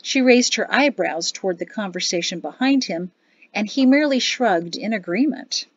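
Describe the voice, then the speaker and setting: A woman narrates an audiobook in a steady, even storytelling voice at a middle pitch. The recording is dry and close, with a slightly dull top end. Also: normal speed, no room sound. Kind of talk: scripted narration.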